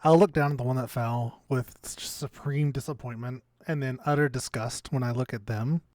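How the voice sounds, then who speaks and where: A man's voice: medium pitch, steady tone, moderate pace, a little mellow, dry recording, clean studio sound. A man playing a tabletop game, speaking as his character in a haughty, commanding way. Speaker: player. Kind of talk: tabletop role-play.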